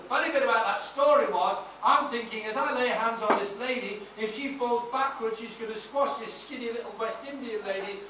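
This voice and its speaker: A man's voice: extremely high pitch, a little fast, heavy background noise. Emphatic older male preacher, echoing hall. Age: 60s. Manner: emphatic preaching with anecdotes and shouted praise. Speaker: pastor. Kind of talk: sermon. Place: large church hall. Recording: echoey hall, mic off at a distance.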